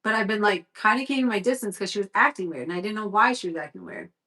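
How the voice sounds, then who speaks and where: On a livestream, a young woman tells a story from her own life in loose, candid chat, saying "like" constantly and swearing freely. Her mid-range voice is bright and forward, very animated, and quick.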